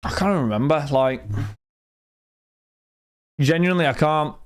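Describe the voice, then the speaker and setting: This card break streamer is a young man whose clean-toned voice sits on the high side, moving at a normal pace. While opening cards, he rambles and talks casually with his live stream chat and his friends.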